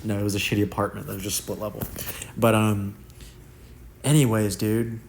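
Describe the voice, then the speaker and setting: A man's voice: fairly low pitch, normal speed, a little hiss or hum. A young man telling wild personal stories in a casual, slangy monologue. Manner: slangy, animated, acts out quotes in shifting voices. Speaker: content creator telling life stories.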